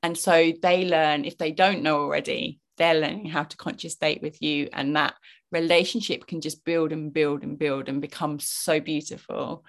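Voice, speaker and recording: A woman's voice: low-pitched, fairly even intonation, moderate pace. Affirming woman podcast host. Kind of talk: casual interview chat.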